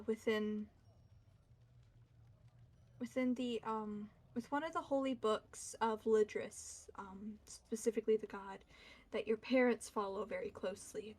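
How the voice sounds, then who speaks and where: A woman running a tabletop game as game master, explaining lore hesitantly with many fillers. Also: fairly high pitch.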